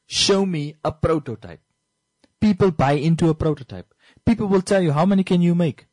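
A man's voice: on the high side, moderate pace, dry recording, low-quality recording. A man from Namibia co-hosting a radio talk show, speaking with passion and emphasis. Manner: passionate, emphatic, lively delivery.

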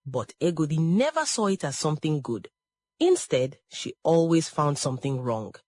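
A woman narrates a story slowly and dramatically. Her low voice is husky and swings widely in pitch. The recording is close and dry. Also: expressive, darkish tone, dry recording.

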